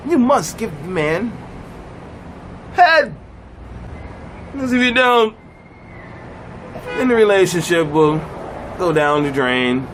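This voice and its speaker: A man giving a blunt comic rant to camera, animated and emphatic, sitting in a car. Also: a little hiss or hum, poor audio. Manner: animated, swooping pitch, drawn-out emphatic phrases. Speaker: vlogger.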